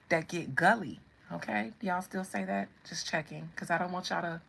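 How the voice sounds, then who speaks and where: A woman's voice: fairly low pitch, normal speed, gravelly, hardly any pauses, fairly bright tone, breathy edge, low-quality recording. A woman in her thirties with a Southern American accent, chatting to viewers in a sassy, teasing way. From Southern United States. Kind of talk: casual chat to viewers.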